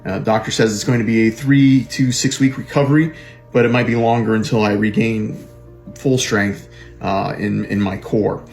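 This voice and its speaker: A man's voice: fairly low pitch, fairly even intonation, normal speed, vocal fry, darkish tone, faint music behind. A middle-aged man from Florida recording a candid video diary while recovering from surgery, plain-spoken with a dry sarcastic streak. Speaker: cancer patient.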